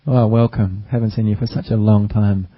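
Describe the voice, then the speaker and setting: A wise, gracious emperor offers a warm and hospitable welcome, as a man puts him on. The voice stays low and flat, and the recording sounds dull and lo-fi. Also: brisk, close to an everyday voice. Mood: welcoming.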